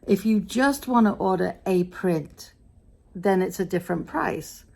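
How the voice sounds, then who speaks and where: In this day-in-the-life vlog, a middle-aged British vlogger with an English accent tells of her day with wry complaints, weary and somewhat fed up. Her mid-range voice is expressive and a little mellow, with vocal fry and a measured pace.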